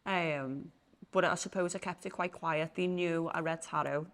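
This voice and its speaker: A woman's voice: sits low, fairly even intonation, normal speed. A middle-aged woman, a psychic guest, chatting casually and telling stories with lots of "you know what I mean". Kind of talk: casual interview storytelling.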